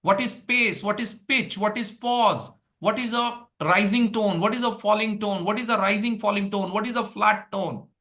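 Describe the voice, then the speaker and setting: High, bright-voiced coach. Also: male voice, moderate pace, few pauses. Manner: energetic, drills points with rhetorical questions and lists. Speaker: English speaking coach. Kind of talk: live workshop teaching.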